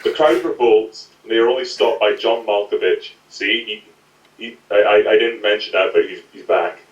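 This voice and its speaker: Brief: low-voiced male podcast co-host, giggly rambling storyteller, echoey room, set back from the mic. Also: normal speed, lo-fi sound. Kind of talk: comedic storytelling chat. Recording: roomy, distant home mic.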